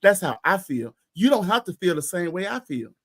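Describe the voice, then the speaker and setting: A man's voice: sits high, very animated, a little fast. A man co-hosting a podcast in casual chat, ranting heatedly and profanely with emphatic repetition. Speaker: podcast co-host.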